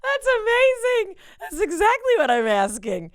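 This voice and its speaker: A woman's voice: very high voice, huge pitch swings, moderate pace, no echo, clean studio sound. A woman hosting a podcast, running a playful banter game, teasing and self-mocking and laughing often. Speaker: podcast host.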